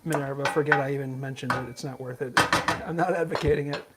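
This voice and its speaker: A man's voice: medium pitch, steady tone, quick pace, very noisy. A man reading viewer comments aloud during a live cooking stream, teasing the host with dry quips. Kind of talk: casual banter.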